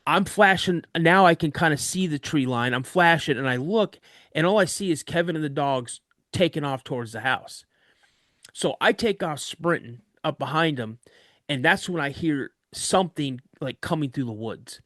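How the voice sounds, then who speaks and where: A man's voice: a little high, animated, moderate pace, a bit bright, dry recording, clean studio sound. A man, a podcast guest, vividly recounting a frightening personal story. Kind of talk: recounting a scary true story.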